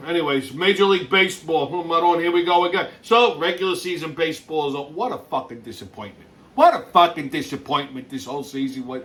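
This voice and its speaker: A man's voice: high voice, pushed and bright. A man hosting a weekly commentary show, ranting with constant swearing and exasperated laughter about the news and sports. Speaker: host. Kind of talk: profane rant-style commentary.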